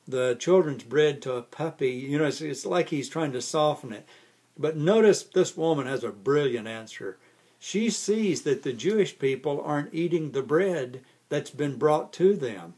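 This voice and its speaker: A man's voice: mid-range voice, darkish tone. A man pastor giving a casual, conversational Bible study, often restarting words and chuckling lightly as he explains.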